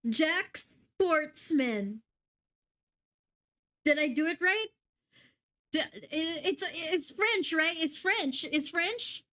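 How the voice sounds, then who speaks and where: A woman's voice: very high-pitched, slow, sharp tone. A young woman VTuber commenting casually on a game, giggling, swearing and stumbling over words in a sleepy way. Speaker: VTuber streamer.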